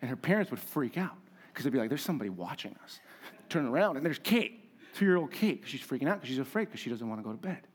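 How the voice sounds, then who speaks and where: A pastor preaching a conversational, emphatic sermon with humor and rhetorical questions. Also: male voice, mid-range voice, big pitch swings, fast talker, husky.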